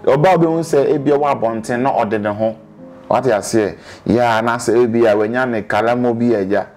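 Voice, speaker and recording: A man's voice: mid-range voice, brisk, darkish tone, faint music behind. A man from Ghana with a Ghanaian accent, talking casually as an interview guest in Dubai and switching between English and Twi with lots of restarts.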